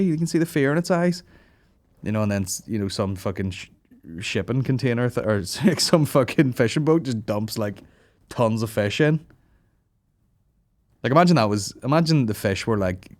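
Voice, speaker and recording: A man's voice: lowish voice, a little mellow, no echo. A man hosting a comedy podcast, telling rambling sweary stories in casual banter. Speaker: podcast host.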